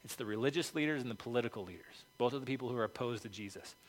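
Male pastor, casual sermon, informal, says okay a lot, mid-pitched voice, long hall reverb. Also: rapid-fire. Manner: informal, peppered with 'okay' and 'like'. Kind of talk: conversational sermon.

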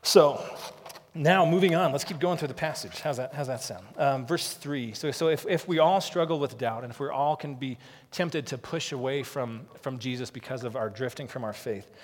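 A man's voice: mid-range voice, moderate pace. Earnest male pastor in a reverberant hall. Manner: earnest, repeats words when starting sentences. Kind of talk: sermon.

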